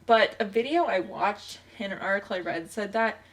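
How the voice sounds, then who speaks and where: A woman's voice: medium pitch, moderate pace. A woman co-hosting a casual podcast chat, who keeps steering things back on track with "okay, well". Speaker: podcast co-host.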